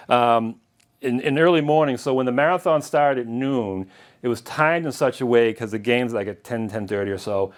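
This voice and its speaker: A middle-aged man giving a casual history lecture, chatting through anecdotes and chuckling now and then. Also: mid-range voice. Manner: chatty and anecdotal, chuckling at his own stories. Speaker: lecturer and longtime marathon runner.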